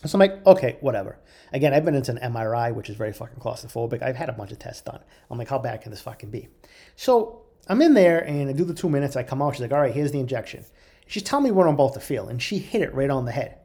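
Fast-talking profane man telling a story. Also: mid-range voice. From Italian heritage, US. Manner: profane, animated, quotes others in voices. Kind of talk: casual storytelling monologue.

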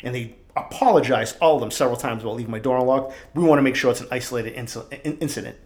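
A man's voice: medium pitch, very fast. A man from East Boston with a Boston accent, hosting a podcast and telling a fired-up, profanity-laden story into his microphone. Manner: profane, fired-up, swears constantly. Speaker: podcast host. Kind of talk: casual storytelling rant. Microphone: studio microphone.

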